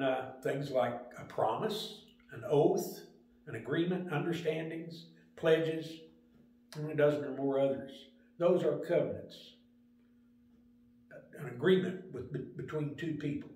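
Older male Sunday school teacher, slightly high pitch, easygoing storyteller, heavy room echo. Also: darkish tone. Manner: plain, unhurried storytelling with small restarts. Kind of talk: Sunday school lesson talk. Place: church room. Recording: very echoey room.

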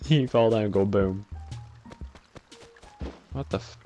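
A man's voice: lowish voice, extremely slow, mellow, soft background music. A man giving casual, self-mocking commentary over a video game, laughing often at his own mishaps. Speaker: let's play commentator.

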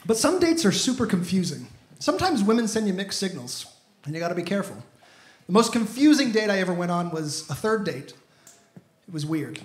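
A man's voice: sits high, big pitch swings, a little fast. A man in his thirties doing a stand-up comedy set on a club stage, telling stories in a punchy, exasperated way into a handheld mic. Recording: echoey room with crowd laughter.

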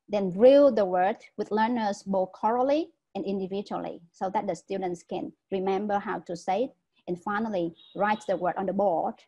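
Her medium-pitched voice is warm, mellow and a bit husky as she trains teachers in an online lecture heard via video call. She walks through each step patiently and keeps checking understanding with "right?"; the audio is rough.

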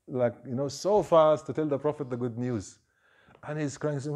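An imam gives a short evening reminder in the form of a storytelling sermon, recounting a mosque story at a normal speed in a medium-pitched voice. He tells it with animation, acting out the quoted voices and sprinkling in frequent Arabic phrases.

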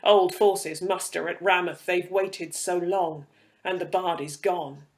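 Ancient hungry creature, read by a man, scornful and coaxing, slightly high pitch. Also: steady tone, slow pace. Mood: menacing. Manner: taunting, enticing. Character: ancient cruel inhuman creature, mocking and hungry.

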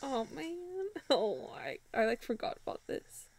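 A woman's voice: a little high, huge pitch swings, a little slow, vocal fry, a little mellow, dry recording. A woman giving casual reaction commentary to a TV episode, emotional and exclaiming, near tears. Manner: emotional, exclaiming, laughing often. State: holding back tears. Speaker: reaction vlogger.

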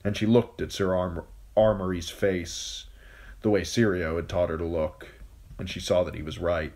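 A man narrating an audiobook chapter in a steady, even read. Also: low-pitched, moderate pace. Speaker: amateur audiobook reader.

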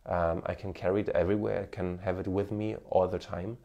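A man with a low-pitched, creaky, dark voice talks briskly in a level tone, and the recording sounds muffled. He's in his thirties, has a German accent slightly tinged with Indian, and gives earnest, encouraging advice to camera with plenty of fillers. The marketing coach and former TV cameraman uses a smartphone with an external microphone.

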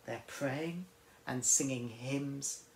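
A man's voice: mid-range voice, drawn-out words, vocal fry, slight background noise. A man preaching a sermon, retelling Bible stories with dramatic flair and acting out the complaining characters. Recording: echoey room.

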